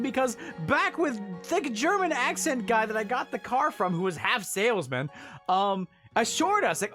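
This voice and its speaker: A man chatting casually with his stream audience as he tells a story, animated and often laughing. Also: extremely high pitch, measured pace, soft background music. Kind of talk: casual story time chat.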